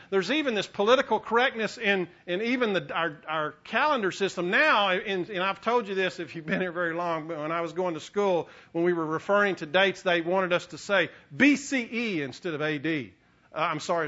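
Animated high-voiced preacher man. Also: fairly quick, muffled recording. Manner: animated preaching, rises to emphatic peaks, many restarts. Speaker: pastor. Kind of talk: sermon.

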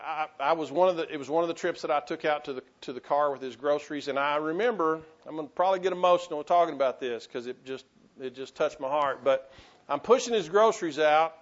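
A man's voice: on the high side, fast talker, muffled recording. A man, a pastor delivering an impassioned sermon full of restarts and calls to the congregation. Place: church sanctuary.

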